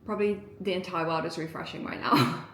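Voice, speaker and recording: A woman vlogging casually at home, excitable and giggly, rambling with lots of fillers. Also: lowish voice, brisk, a little hiss or hum. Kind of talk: casual vlog chat to camera. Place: indoors at home, getting ready. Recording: echoey room.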